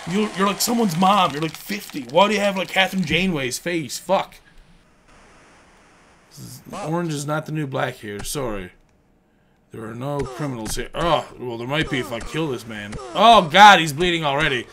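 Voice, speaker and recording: A man commentating his own video game play, joking around and bursting into loud, profane outbursts. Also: on the high side, a little slow, pauses often. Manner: profane, excitable outbursts and rambling jokes. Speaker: gameplay commentator.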